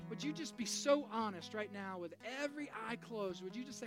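A pastor in their forties giving a sermon, moving between loud, urgent preaching and quiet, confiding talk. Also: medium pitch, brisk, few pauses, music in the background. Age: 40s. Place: church.

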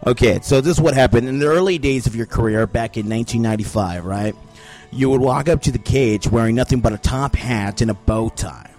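A man's voice: medium pitch, a little fast, few pauses, darkish tone, soft background music. Joking, teasing male podcast host. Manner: playful, teasing, swears freely. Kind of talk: casual joking interview.

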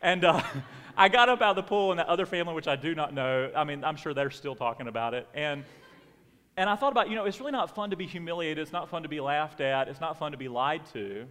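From the pulpit of a church sanctuary, a middle-aged pastor tells a personal story at a quick pace with animated energy, acting out family members in a raised voice. His voice is a little high for a man, and the hall gives it a long reverb.

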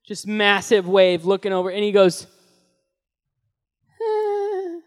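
A young man preaching as a youth pastor, telling the story in an animated, casual way with slang, swinging between loud and hushed, in a large hall. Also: high-pitched, moderate pace, clear, resonant tone. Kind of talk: sermon. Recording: long echoey hall reverb.

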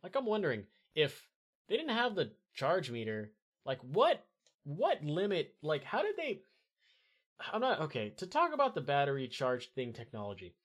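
A man's voice: a little high, wildly swooping pitch, moderate pace, fairly bright tone. A man hosting his own podcast, ranting about a movie in a rambling, profane way with lots of fillers. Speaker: podcast host reviewing a movie. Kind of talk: casual rant.

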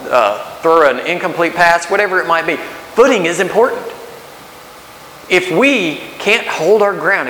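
A pastor in his thirties preaches a sermon in a conversational style, posing rhetorical questions and restarting his sentences. His voice runs on the high side and sounds pushed and bright. The recording has an echoey hall and faint hiss.

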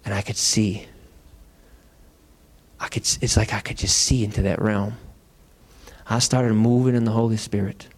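A male pastor preaching a sermon in a lively, conversational storytelling manner in church. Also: fairly low pitch, normal speed, long pauses.

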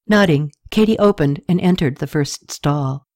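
A woman narrating an audiobook story in a steady scripted reading, lifting her pitch slightly for characters' lines. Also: normal speed.

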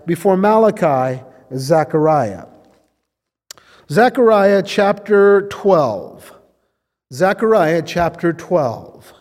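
A man's voice: high-pitched, a little mellow, big-room sound. A male pastor preaching a sermon, teaching and putting questions to his listeners.

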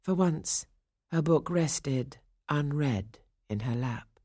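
A woman narrating a ballet storybook in a measured, expressive way. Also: low voice, no room sound, studio quality.

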